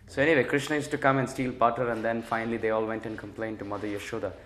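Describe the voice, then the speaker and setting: A man's voice: lowish voice, very fast. Man telling a sacred story in an echoey hall. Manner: explains warmly, retells stories with lively quotes. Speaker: spiritual teacher. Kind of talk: religious storytelling class. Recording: echoey room.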